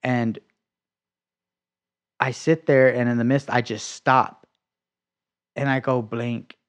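Animated man telling a faith testimony. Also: medium pitch, takes it slowly. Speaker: guest sharing a faith testimony. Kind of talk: casual conversational testimony.

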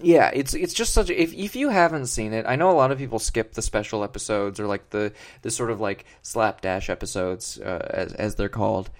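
A man co-hosting a comedy podcast, rambling on in a mock-earnest, deadpan way with many fillers. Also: fairly low pitch, fairly quick, few pauses. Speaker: podcast co-host.

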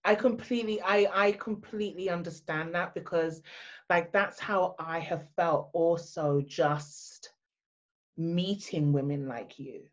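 A woman guest in a video-call podcast interview, affirming and soft-spoken. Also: fairly low pitch, a little slow, muffled recording.

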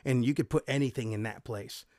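A man's voice: medium pitch, a little fast, a little mellow, no room sound, studio quality. A man hosting a devotional podcast, reading Bible passages aloud and explaining them in a casual, conversational way with frequent self-corrections. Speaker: podcast host and Bible teacher.

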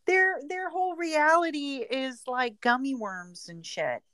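A woman's voice: sits high, a little slow, a bit bright, no room sound. A woman in casual chat, talking frankly and bluntly, with a bawdy humor. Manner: frank, blunt and bawdy, acts out quoted voices.

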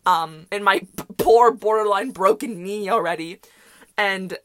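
A woman's voice: mid-range voice, unhurried, fairly bright tone, a little hiss or hum. A woman hosting a casual solo podcast, telling stories in a rambling way, often correcting herself and laughing. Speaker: podcast host.

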